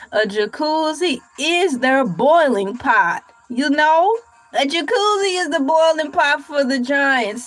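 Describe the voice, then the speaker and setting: Over poor audio, a female livestream host with a high, fairly bright voice reads a recipe slowly. Afterward she riffs on it in a playful, meandering way, tossing in jokey asides.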